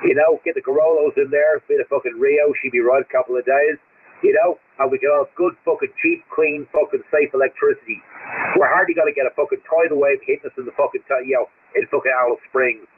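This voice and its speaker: A man's voice: medium pitch, fairly even intonation, quick pace. An Australian man ranting bluntly on a CB radio channel, swearing constantly. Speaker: CB radio operator. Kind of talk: profane radio chat. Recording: tinny radio line with faint noise.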